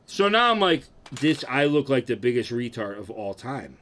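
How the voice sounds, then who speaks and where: A young man casually telling a profane, animated story about himself and acting out what people said. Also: medium pitch, moderate pace. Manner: animated, profane, acts out quotes.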